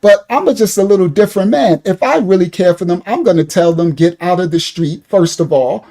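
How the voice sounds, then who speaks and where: A man's voice: high-pitched, fairly quick, mellow. A man giving loose, repetitive livestream commentary, talking to his chat viewers by name. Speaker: online commentator.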